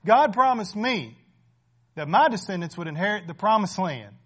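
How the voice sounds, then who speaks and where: An aged patriarch on his deathbed speaks with stubborn conviction, pressing his last command on his son, voiced by a man. He talks in a fairly high voice and never wavers. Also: lively intonation, normal speed, fairly bright tone, slightly rough, exaggerated voice. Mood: fervent. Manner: insistent, commanding. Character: dying old male patriarch, stubborn and faithful.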